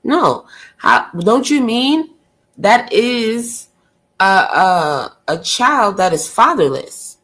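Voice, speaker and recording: Woman, live stream rant, blunt, exasperated, rhetorical questions, swearing, middle pitch. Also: sing-song, extremely slow. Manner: loud and gushing when she greets a viewer. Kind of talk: ranting live stream commentary.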